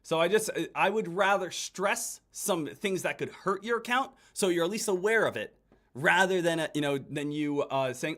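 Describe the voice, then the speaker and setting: A man's voice: sits high, moderate pace, a bit bright. A man hosting a live day-trading stream, giving urgent, repetitive commentary and addressing viewers as guys. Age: adult. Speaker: day trader hosting a livestream.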